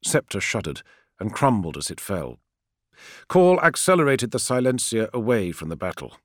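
A man narrates a novel with expressive delivery. His pitch moves widely across each sentence. The sound is dry and close, with no room around it. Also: normal speed, dry recording. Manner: expressive storytelling. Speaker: audiobook narrator. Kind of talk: scripted narration.

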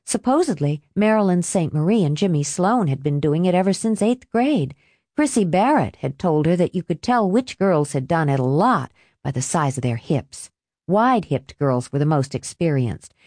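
This audiobook features a woman reading a novel from a script, her delivery steady and measured. She has a fairly low voice, captured dry at studio quality.

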